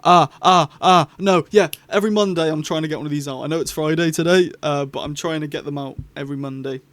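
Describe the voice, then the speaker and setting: A young man chats his way through a vlog review. His voice sits a little high and sounds dry and close. He rambles eagerly from point to point. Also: quick pace, fairly bright tone, no room sound. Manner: rambling, chatty and enthusiastic. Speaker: YouTube host.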